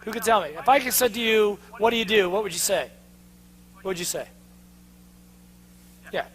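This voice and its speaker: A man in a live sales seminar, a trainer who keeps throwing quick questions at his audience and making them answer back. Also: high voice. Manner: energetic, call-and-response questions to the crowd; drops to a mocking tone for the inner doubting voice.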